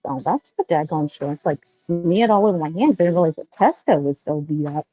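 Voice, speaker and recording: A woman's voice: fairly low pitch, warm tone, no echo, lo-fi sound. A woman vlogging casually while she shops in a store, chatty and rambling with folksy sayings. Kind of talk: casual shopping vlog.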